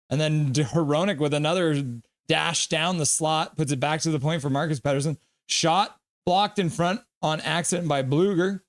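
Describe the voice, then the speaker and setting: A middle-aged man's slightly high voice, recorded with no echo, leads a live stream as he reacts to hockey. He reads viewer comments aloud playfully and breaks off into quick play-by-play commentary.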